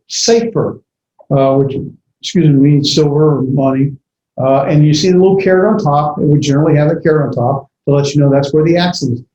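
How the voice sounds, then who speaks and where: A man lecturing a class on grammar, pausing often with fillers and correcting himself. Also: a little high, warm tone, slight background noise. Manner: halting, many fillers and self-corrections. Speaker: Bible language teacher. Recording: echoey classroom, dull lo-fi audio.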